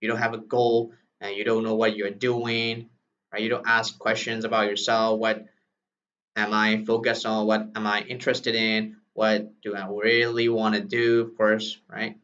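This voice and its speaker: A man's voice: fairly low pitch, completely flat delivery, a little slow, fairly bright tone. A man with a Burmese accent, native Burmese speaker, teaching a lesson in English, explaining step by step and tagging sentences with "right?". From Myanmar. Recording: distant, dull lo-fi recording.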